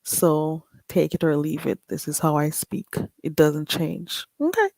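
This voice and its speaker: On her livestream, a Caribbean-accented woman speaks to viewers in a low, darkish voice with vocal fry and big pitch swings, keeping a measured pace. She's blunt, casual and chatty, laughing often, in a dry recording.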